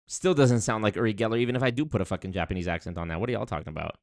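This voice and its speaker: A young man with a lowish voice talks casually to his livestream audience. He rambles through viewer comments, restarting sentences and leaning on fillers as he goes. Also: very fast, darkish tone, dry recording, studio quality. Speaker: streamer reading chat.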